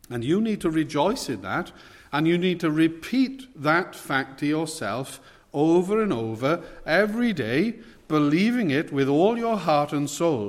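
Earnest preacher in a reverberant hall. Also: male voice, fairly high pitch. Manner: measured, earnest, emphatic on key words. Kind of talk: expository sermon.

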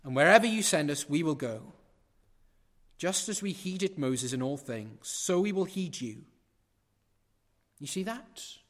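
A man preaching a sermon in a large church, building to loud emphatic peaks with rhetorical questions and repetition, then dropping to quiet asides. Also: on the high side, animated, unhurried, long pauses, big-room sound.

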